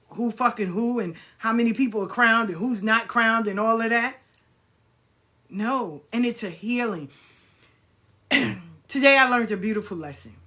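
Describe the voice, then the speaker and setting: A middle-aged woman hosting her own channel, talking casually and bluntly to viewers, animated and swearing freely. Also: mid-range voice. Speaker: spiritual practitioner, channel host. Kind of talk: casual spoken reflection to viewers.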